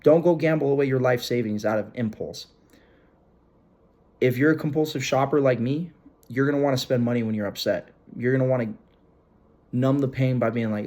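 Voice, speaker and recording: A man's voice: medium pitch, moderate pace, long pauses, darkish tone. A young man talking straight to viewers in a casual advice video, blunt and emphatic, coaching them in everyday slang and repeating his points. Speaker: self-help video host. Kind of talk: direct-to-camera advice talk.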